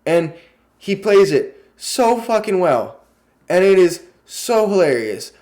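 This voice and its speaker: A man with a slightly high voice giving a casual, chatty review of a TV show. He talks excitedly, swears freely and fills his sentences with fillers. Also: slow.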